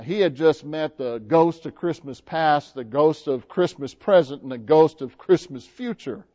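A man's voice: a little high, darkish tone, highs cut off. A male pastor preaching a sermon in a folksy, conversational way, often restarting and filling with "uh" and "you know.". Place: church.

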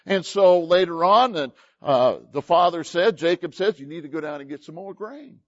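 A man's voice: fairly high pitch, expressive, normal speed, dry recording. A man preaching a sermon in a conversational way, retelling scripture and reading verses aloud with emphasis. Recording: dry, dull lo-fi sound.

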